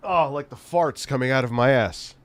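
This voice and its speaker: A man talking on a livestream in a casual, sarcastic rant, swearing freely as he reacts to chat. His pitch sits in an ordinary middle range, and the sound is close and dry with no room around it. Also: moderate pace, a bit bright, no room sound. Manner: profane, sarcastic ranting with frequent laughs. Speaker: streamer host.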